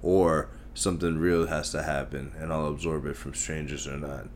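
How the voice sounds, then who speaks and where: A man's voice: very deep voice, little pitch movement, moderate pace, slight background noise. A man from Tamil Nadu, India, hosting a solo podcast, ranting bluntly with lots of swearing and self-mockery. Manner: self-mocking, emphatic repetition. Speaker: podcast host.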